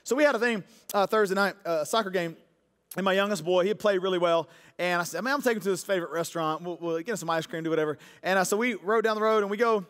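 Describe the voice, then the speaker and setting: A man's voice: high voice, a bit bright. A man preaching a sermon, telling stories and joking with the congregation. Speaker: pastor. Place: church auditorium. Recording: long church hall reverb.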